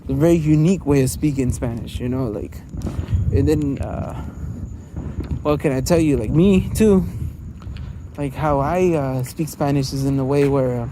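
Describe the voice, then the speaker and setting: A man from the Los Angeles area walks through his neighborhood, talking in a loose, rambling vlog monologue full of fillers and frequent laughter. His voice is medium-pitched and dark, at a moderate pace, with slight background noise.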